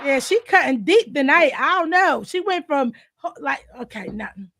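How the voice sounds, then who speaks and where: High-voiced woman hosting a frank chat. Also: expressive, moderate pace, noisy background. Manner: frank, candid and emotional, with slang and cursing. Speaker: host. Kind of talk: casual chat.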